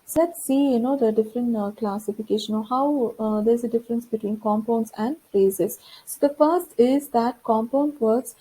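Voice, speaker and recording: A woman's voice: on the high side, dark tone, slightly rough, rough recording. A woman lecturer explaining course material in a recorded lesson, talking it through with frequent fillers and restarts.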